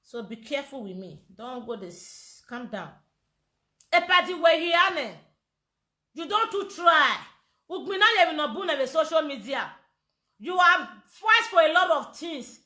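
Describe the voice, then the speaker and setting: A woman with a Nigerian accent rants for social media in a very high, bright, forceful voice. She talks loudly and slips into chanting and laughter. The echoey room rings around her phone recording. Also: lively intonation, unhurried. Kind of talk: animated social media rant.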